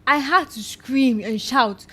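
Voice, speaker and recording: A woman's voice: high voice, slow pace, bright, forceful tone. A woman hosting a podcast, chatting casually and animatedly, laughing often and repeating herself for emphasis. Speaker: podcast host. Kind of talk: casual chat.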